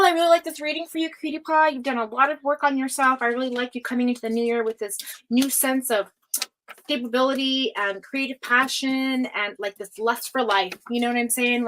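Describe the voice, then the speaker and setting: A woman's voice: fairly high pitch, a bit bright, poor audio. A woman hosting a live tarot reading, talking in a chatty, meandering way and calling viewers affectionate pet names. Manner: chatty and affectionate, calls viewers cutie pie; meandering, full of fillers and restarts. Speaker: tarot reader hosting a livestream.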